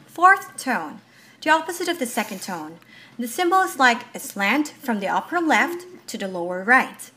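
A mother giving a home lesson on Mandarin tones, explaining slowly and drawing out each example syllable. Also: a little high, very animated, bright, forceful tone. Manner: slow, careful explanations with drawn-out example syllables. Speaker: parent teaching Mandarin tones.

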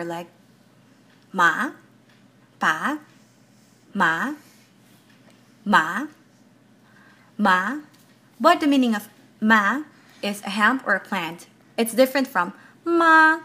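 Bright-voiced mother teaching tones. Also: a little high. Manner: slow, careful explanations with drawn-out example syllables. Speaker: parent teaching Mandarin tones. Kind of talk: home language lesson.

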